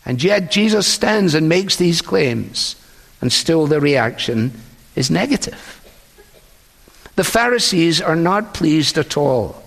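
A man preaching a sermon in an earnest, measured way, often quoting others. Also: fairly high pitch, big pitch swings, creaky, fairly bright tone, big-room sound. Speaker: pastor.

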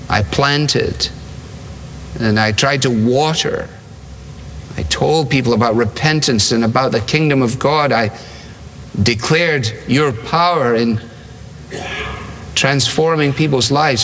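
Preacher doing a humble man in prayer, slow and halting, with long hall reverb. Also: medium pitch, a bit bright, slight background noise, close to an everyday voice. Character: man praying alone, earnest and humble.

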